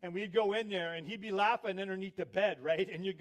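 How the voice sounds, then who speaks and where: Older guy preaching, high-pitched voice, chatty storyteller. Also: fairly even intonation, a little fast, few pauses. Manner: storytelling with laughs, acted quotes. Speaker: pastor. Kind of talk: sermon.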